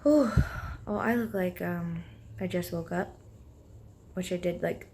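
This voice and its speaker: A young woman vlogging in a casual, chatty way, giggling often and filling her talk with "like" and "um," with a slightly rough morning voice. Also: on the low side, a little slow, long pauses, darkish tone. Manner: chatty, giggly, lots of fillers. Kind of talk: casual vlog chat.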